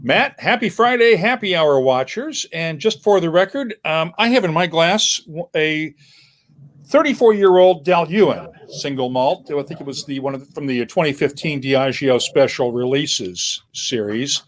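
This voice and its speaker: A man's voice: fairly high pitch, animated, moderate pace. Chatty man hosting a webcast. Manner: chatty, joking, reads viewer comments aloud. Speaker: host. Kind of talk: casual webcast chat. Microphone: video call.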